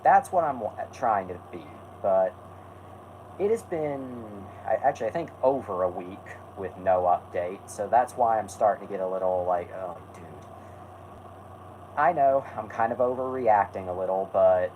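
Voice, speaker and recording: A man's voice: lowish voice, moderate pace, narrow, tinny audio, slight background noise. A man hosting a casual stream, rambling and correcting himself while answering chat. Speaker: host.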